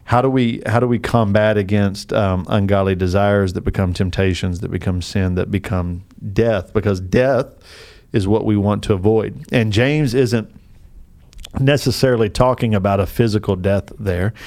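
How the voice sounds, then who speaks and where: A man's voice: fairly low pitch, steady tone, normal speed, darkish tone. A man co-hosting a casual faith podcast in a studio, earnestly explaining scripture in an informal way. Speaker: podcast co-host.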